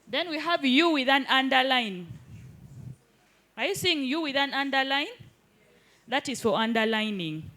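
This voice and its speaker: A woman's voice: high voice, expressive, a little slow, long pauses, fairly bright tone. A woman teaching a live hands-on workshop in an indoor training room, keeps checking that the group follows. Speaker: digital skills trainer.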